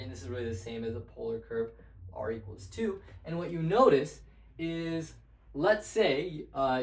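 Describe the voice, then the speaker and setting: A young man teaching math at a whiteboard in a loose, rambling way, full of fillers and restarts. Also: mid-range voice. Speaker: math tutor. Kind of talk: casual whiteboard lesson. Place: room with a whiteboard. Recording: echoey room.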